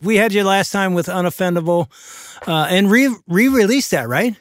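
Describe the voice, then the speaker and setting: High-voiced man hosting a chat. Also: normal speed, no echo, clean studio sound. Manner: enthusiastic, praising, joking. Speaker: show host. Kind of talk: casual chat.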